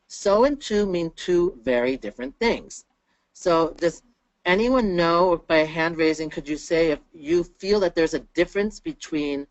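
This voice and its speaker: A teacher giving an online grammar lesson who explains patiently and slows down to say each example sentence. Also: mid-range voice, lively intonation, dry recording. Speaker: English teacher presenting a webinar. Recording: dull, lo-fi webinar audio.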